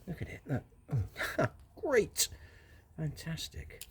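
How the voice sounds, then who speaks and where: A man's voice: fairly high pitch, animated, takes it slowly, a little hiss or hum. A man with a West Country accent talking casually to camera while cooking over a fire outdoors, rambling with wry asides and muttered remarks to himself. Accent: West Country English. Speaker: vlogger.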